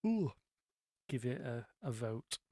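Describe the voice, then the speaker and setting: A man's voice: medium pitch, sing-song, slow pace, mellow, dry recording. A man hosting a casual live-stream chat, rambling along with lots of ums and asides.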